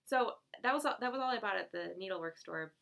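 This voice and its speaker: A woman's voice: mid-range voice, lively intonation, fast, vocal fry, fairly bright tone. A young woman chatting casually about her cross-stitch purchases, rambling and giggling, with lots of fillers. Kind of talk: casual chat.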